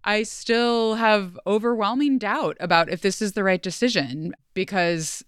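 A woman's voice: medium pitch, measured pace, clear, resonant tone, no room sound. A woman hosting a solo podcast, speaking earnestly and emotionally, close to tears, in a chatty way full of fillers. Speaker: podcast host. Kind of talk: heartfelt solo podcast farewell.

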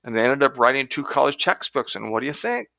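An older man, a retired professor, telling stories as a guest in an interview, animated and acting out the quotes. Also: mid-range voice, quick pace, vocal fry, no echo, muffled recording. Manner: animated storyteller who acts out quotes. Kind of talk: storytelling in a podcast interview.

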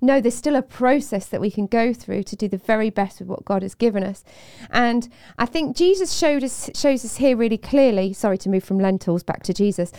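Earnest woman, smooth voice. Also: on the high side, expressive, fairly quick, few pauses, darkish tone, no echo, clean studio sound. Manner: earnest, laughs often. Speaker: podcast co-host. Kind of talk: casual faith discussion.

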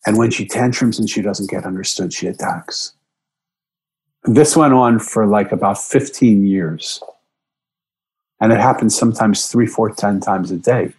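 A middle-aged man earnestly telling a personal story, emotional and reflective, his pitch jumping up when he quotes himself. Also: moderate pace, a little mellow, breathy edge, rough recording.

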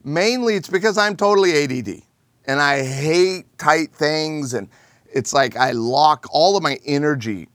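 Animated joking man, a bit high. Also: measured pace, no echo. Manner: animated, jokey, acts out quoted people. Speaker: host. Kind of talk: comedic monologue to camera.

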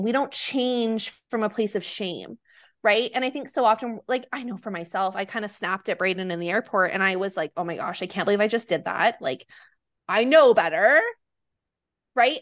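A woman's voice: a little high, a bit bright. A young woman, a podcast guest and mindset coach, talking in a casual, earnest and upbeat way, full of "like" fillers, tired and a little nauseous. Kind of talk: casual interview chat.

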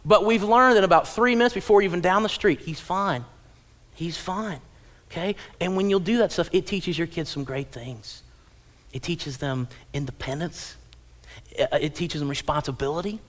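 A man in his thirties delivers a church sermon, his voice sitting a touch higher than most men's. He preaches with animated storytelling and slips into playful voices for parents and children. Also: moderate pace. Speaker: pastor. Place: church auditorium.

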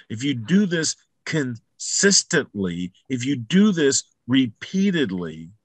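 Guy giving a fired-up motivational talk, blunt and punchy, medium pitch, dry room. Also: no room sound. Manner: emphatic and repetitive, builds to loud peaks; salty, blunt language. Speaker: motivational speaker.

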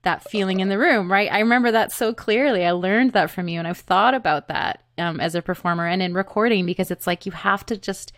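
A woman's voice: medium pitch, brisk, few pauses, fairly bright tone. A woman, a singer-songwriter guest, telling stories in casual chat, laughing often and leaning on "like". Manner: laughs often, storytelling, says "like" a lot. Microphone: USB condenser microphone.

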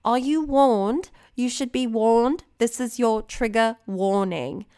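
A woman's voice: a little high, mellow, clear, resonant tone, pitched above the performer's own voice. A woman putting on a British accent for a playful, theatrical announcer voice. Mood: mock-grave. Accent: put-on British. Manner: theatrical, drawn-out warnings.

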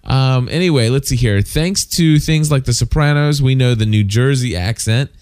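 A man's voice: medium pitch, moderate pace, a little mellow, clear, resonant tone, no room sound. A man co-hosting a casual podcast, reading listener feedback aloud with many fillers and side comments. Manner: reads listener mail aloud with frequent fillers and asides.

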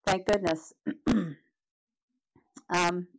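A middle-aged woman, a podcast guest, telling a personal story in an animated way, with halting restarts and acted-out reactions. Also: on the low side, low-quality recording. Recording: noticeable background noise.

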